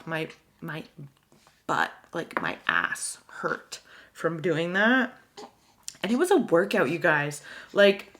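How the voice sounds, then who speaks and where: Candid young woman, lower voice. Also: fairly bright tone. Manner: chatty and candid, many "like" fillers. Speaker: vlogger. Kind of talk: casual storytelling.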